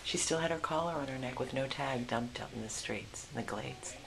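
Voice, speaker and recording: A woman's voice: very deep voice, fairly quick, a crowd in the background, low-quality recording. A woman dog rescuer at a vet clinic, switching between baby talk and soothing whispers to a frightened dog and plain narration. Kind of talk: casual vlog narration and talk to dogs. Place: veterinary clinic indoors. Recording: clear background noise.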